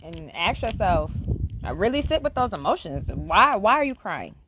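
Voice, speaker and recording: A woman's voice: medium pitch, big pitch swings, moderate pace, background noise. A woman talking frankly and earnestly in a live-stream monologue, swearing freely as she urges listeners. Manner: earnest, heartfelt encouragement. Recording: dull lo-fi, dry sound.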